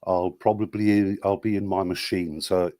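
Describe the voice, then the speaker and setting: A man's voice: low voice, level tone, moderate pace, dark tone, no echo, clean studio sound. A man in his fifties, English-born and raised in South Wales, chatting as a guest on a video call and rambling. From England. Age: 50s. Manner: chatty, rambling, trying out accents. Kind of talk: casual chat.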